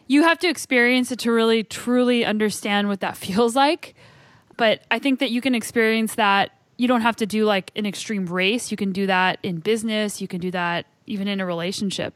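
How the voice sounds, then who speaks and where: A woman hosts a podcast interview in an easygoing, conversational way and puts questions to her guest. Her voice sits in a middle pitch range, and the sound is close and dry. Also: moderate pace, dry recording. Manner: relaxed and conversational, asks questions. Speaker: podcast host. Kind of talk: casual interview chat.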